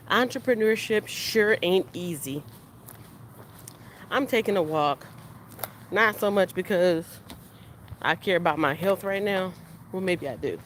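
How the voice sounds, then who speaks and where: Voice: medium pitch, lively intonation, slow, pauses often, fairly bright tone. A frustrated, upset vlogger venting while walking beside a road, rambling and restarting sentences, with faint traffic behind. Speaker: vlogger and business interviewer. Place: outdoors beside a busy main road. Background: faint street traffic.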